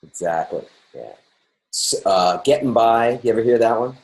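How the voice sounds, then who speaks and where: In a casual interview chat, a middle-aged New York podcast host talks in an upbeat, meandering way with frequent fillers and restarts. His gravelly voice is on the low side, with lively intonation at a normal speed. Audio quality is poor.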